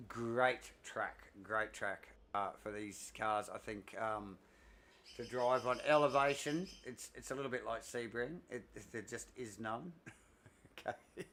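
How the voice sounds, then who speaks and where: A man, commentating a sim race live, excitable and out of breath, rambling with fillers. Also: mid-range voice.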